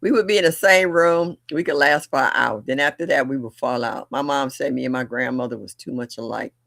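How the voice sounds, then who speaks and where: An older woman hosting a livestream, chatting casually and bluntly, telling family stories with animated delivery and laughter. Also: rumbling low, brisk, creaky, no echo, studio quality. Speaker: livestream host. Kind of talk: casual storytelling chat.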